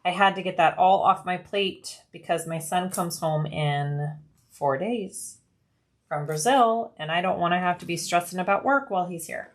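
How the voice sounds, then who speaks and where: A woman's voice: on the low side, moderate pace. Chatty woman sewing on a livestream. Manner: chatty, reads viewer comments aloud, explains steps. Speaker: live stream host. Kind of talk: casual livestream chat while sewing.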